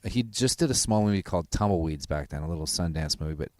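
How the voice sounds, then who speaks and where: A man's voice: low-pitched, animated, quick pace, no echo, studio quality. A man hosting a podcast in casual conversation, swearing freely and restarting sentences. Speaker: podcast host.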